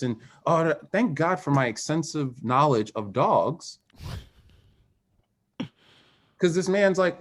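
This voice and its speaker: A man who is a former Olympic swimmer, a podcast guest telling a personal story in a candid and emphatic way, dropping quiet and then rising. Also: on the high side, slow, long pauses. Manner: animated, emphatic, swings between quiet and raised.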